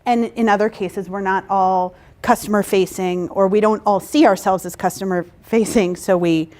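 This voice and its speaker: A woman's voice: mid-range voice, steady tone, moderate pace, darkish tone. A woman facilitating a workshop, explaining to a group and checking in with "right?" and "okay?". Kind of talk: interactive workshop talk.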